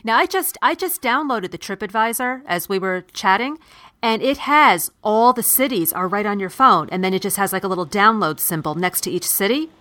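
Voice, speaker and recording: Bright-voiced woman walking through an app. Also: medium pitch, fairly quick. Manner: listing things in a steady step-by-step way.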